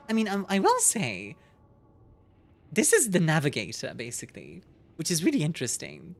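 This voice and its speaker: A woman streaming a game, talking casually and in an animated way, getting worked up and laughing often. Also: sits low, normal speed, gravelly, pauses often, music in the background.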